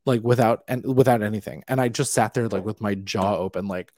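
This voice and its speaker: A young man, a podcast guest, telling his story in a casual, animated way and acting out the voices he quotes. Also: lowish voice, fairly quick, no echo. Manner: animated, acts out quoted voices, laughs often.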